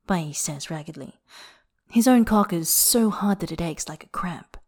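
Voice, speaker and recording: A woman narrating an erotic story in a soft, intimate way, sometimes dropping to a whisper. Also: deep voice, moderate pace, creaky, breathy edge. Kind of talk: erotic fiction reading.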